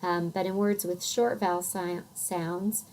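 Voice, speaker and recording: A middle-aged woman with a Western American accent gives a recorded phonics lecture. Her voice sits a little low, and she speaks very slowly, pausing with soft fillers as she explains. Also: steady tone, a little hiss or hum, rough recording. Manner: unhurried, thoughtful, many soft fillers. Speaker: teacher.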